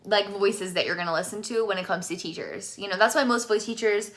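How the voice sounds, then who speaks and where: A woman singing teacher giving a casual live vocal lesson, chatty and quick to laugh, with allergies. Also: medium pitch, a bit bright. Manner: chatty, laughs often, switches between speaking and singing. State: allergies, sneezing.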